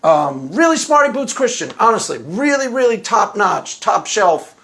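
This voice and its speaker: High-pitched guy ranting solo on his channel, blunt and mocking, repeats himself to drive it home. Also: sing-song, moderate pace, a bit bright. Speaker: channel host. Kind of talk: opinionated solo commentary.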